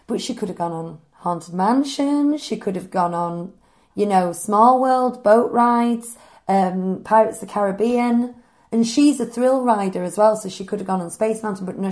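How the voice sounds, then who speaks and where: A woman's voice: medium pitch, darkish tone. A woman co-hosting a podcast, telling stories in a chatty, enthusiastic way. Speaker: podcast co-host. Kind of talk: casual chat.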